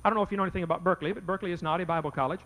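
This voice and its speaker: A man's voice: high voice, steady tone, racing, background noise. A man giving a folksy, joking lecture-style anecdote in a debate, firing off rhetorical questions. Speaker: creationist speaker in a debate. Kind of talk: storytelling lecture.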